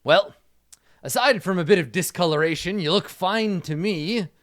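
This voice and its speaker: A man's voice: high voice, normal speed, fairly bright tone, no room sound, clean studio sound, pitched above the performer's own voice. A man doing a jolly old skeleton doctor. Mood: folksy. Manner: jolly, folksy and reassuring. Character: cheery old skeleton camp doctor in monk's robes.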